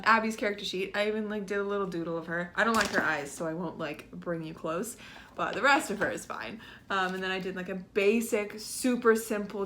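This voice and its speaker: A young woman chats to camera at home, in a room with a guitar, about planning her novel. Her mid-range voice has a fairly bright tone, and she's bubbly and chatty, dropping fillers and little laughs.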